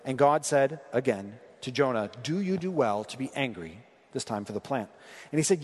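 A man's voice: mid-range voice, lively intonation, brisk, a little mellow. A man preaching a sermon in a conversational way, reading scripture and asking the congregation questions. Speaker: pastor. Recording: long hall reverb.

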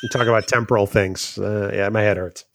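A man's voice: lowish voice, fairly even intonation, brisk, slight background noise. A man co-hosting a podcast, bantering and teasing his partner with dry jokes. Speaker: podcast co-host. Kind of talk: casual banter.

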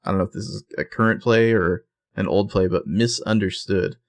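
A man's voice: lowish voice, fairly even intonation, fairly quick. A man co-hosting a podcast, casually retelling a TV episode scene by scene with fillers and self-corrections. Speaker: podcast co-host recapping a TV episode. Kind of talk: casual chat.

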